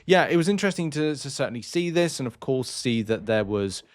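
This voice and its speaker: A man's voice: medium pitch, expressive, fairly quick. A man hosting a gaming channel, giving blunt, rambling advice in casual news commentary.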